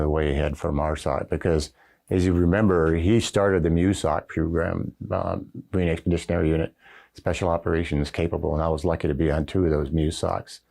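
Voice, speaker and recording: A man's voice: deep voice, vocal fry, warm tone. An older man, a retired Marine general, telling anecdotes in an interview with lots of uh and you know. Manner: folksy anecdotal storytelling with frequent fillers. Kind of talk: recorded oral history interview. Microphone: camera setup with interviewer behind it.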